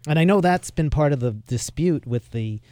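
Male talk-radio host, mellow dark tone, probing and persistent. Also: fairly high pitch, lively intonation, moderate pace, dry recording. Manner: pressing, probing questions. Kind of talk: radio interview.

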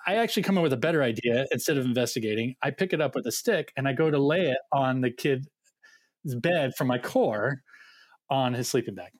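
A man who serves as a youth ministry director, telling funny camp stories in a relaxed conversational way and acting out the dialogue. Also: mid-range voice, fairly quick, no echo. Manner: animated anecdote-telling with quoted dialogue. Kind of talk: casual storytelling.

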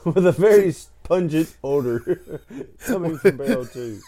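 A man telling a childhood story in casual chat, animated and often laughing as he talks. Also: a little high, unhurried. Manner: animated, laughs through his own story.

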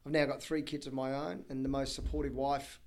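A man in his thirties with an Australian accent, a chatty, energetic auctioneer telling stories in a podcast interview. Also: mid-range voice, a little fast. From Brisbane, Australia. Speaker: auctioneer guest.

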